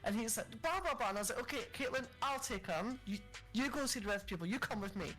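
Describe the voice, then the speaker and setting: A woman with a somewhat high voice tells workplace horror stories in a relaxed podcast chat. She acts out the angry customers as she goes and swears freely. Faint music sits under her voice. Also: fast talker, low-quality recording. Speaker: podcast co-host. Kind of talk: casual storytelling chat.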